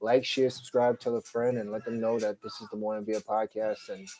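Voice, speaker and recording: A man's voice: lowish voice, level tone, a little fast, darkish tone, slight background noise, poor audio. A man hosting a podcast live stream, chatting casually and rambling with many "um" fillers, sounding tired. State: tired, yawning. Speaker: podcast host.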